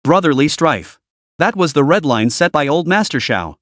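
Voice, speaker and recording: A man's voice: fairly high pitch, normal speed, dry recording, clean studio sound. A man narrating a dramatic story recap in a scripted reading voice. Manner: lively storytelling, reads all characters' lines himself.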